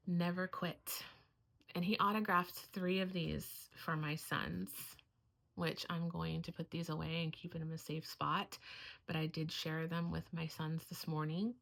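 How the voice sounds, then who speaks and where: A woman's voice: deep voice, little pitch movement, measured pace, vocal fry, fairly bright tone. A middle-aged woman, a homeschooling mother, talking in a heartfelt, earnest way in a casual vlog, close to tears at times.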